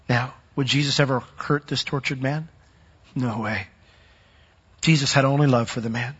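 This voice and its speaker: A man preaching a sermon, animated, with sudden loud swells and soft drops as he retells the story. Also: mid-range voice, normal speed, pauses often, slightly rough, lo-fi sound.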